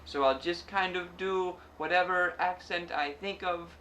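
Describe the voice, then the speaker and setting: A man's voice: sits high, fairly even intonation, unhurried, sharp tone, a little hiss or hum. A man in his thirties, an actor, telling his own story in a candid, reflective way, with stutter blocks and repeated sounds. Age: 30s. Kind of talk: personal interview testimony.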